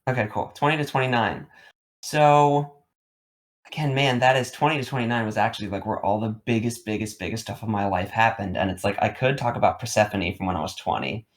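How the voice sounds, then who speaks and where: A man's voice: fairly low pitch, fairly quick. A man in his thirties telling a long personal story on a podcast, rambling, repeating words and leaning on fillers. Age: 30s. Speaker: podcast co-host. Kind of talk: casual storytelling chat.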